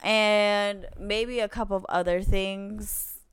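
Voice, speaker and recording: A young woman co-hosting a podcast, chatting casually as she tells a dating story and voices each person's lines in turn. Her voice is smooth and clear at a middle pitch. It sounds close and dry, with no room echo. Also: slow. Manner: animated storyteller who acts out quoted dialogue. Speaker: podcast co-host.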